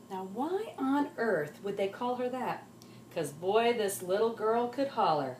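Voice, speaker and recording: A woman teacher reading a rhyming children's story aloud in an animated, sing-song way. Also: medium pitch, a little slow, slight background noise. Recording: roomy echo.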